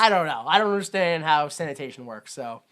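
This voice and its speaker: A man's voice: a little high, lively intonation, brisk, fairly bright tone. Male podcast co-host, casual and rambling, laughs a lot. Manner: rambling, laughs often, lots of fillers. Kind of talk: casual comedic movie discussion.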